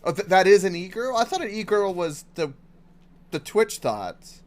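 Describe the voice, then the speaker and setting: A man streaming a game chats casually, rambling with lots of "likes," restarting sentences and laughing often. His high voice is animated and moves at a moderate pace.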